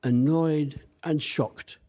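A man's voice: fairly high pitch, fairly even intonation, extremely slow, warm tone. An older man telling stories from his life as an interview guest, reminiscing at length with plenty of fillers and restarts. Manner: rambling reminiscing with many fillers. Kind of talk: storytelling.

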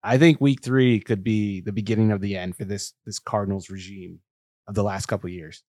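A man's voice: on the low side, fairly even intonation, brisk, darkish tone, no echo. A man podcast host giving dry, blunt analysis in casual sports chat.

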